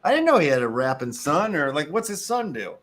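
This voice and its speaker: A man's voice: on the high side, sing-song, fairly quick, a bit bright. A man with a Chicago accent hosting a casual show, reading articles aloud, cursing and tripping over long words. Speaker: show host.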